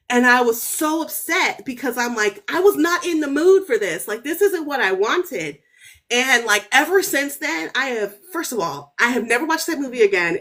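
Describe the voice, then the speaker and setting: A podcast guest who is an author, a woman in her thirties, narrates a story with a voice on the high side. Her delivery is easygoing and animated, filled with "like" and "right?", and it shoots up when she gets worked up.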